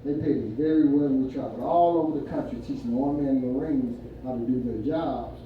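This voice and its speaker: A man's voice: mid-range voice, fast, narrow, tinny audio, a little hiss or hum. An older man doing stand-up, telling folksy stories and laughing at his own punchlines. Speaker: stand-up comedian. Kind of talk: stand-up storytelling. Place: winery event room with live audience. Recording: echoey room from far off, crowd laughter.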